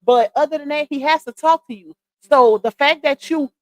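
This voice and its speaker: Her voice sits high and moves at a moderate pace, recorded with no room sound at all. She is a young woman hosting a casual livestream, outspoken and emphatic as she talks straight to her viewers.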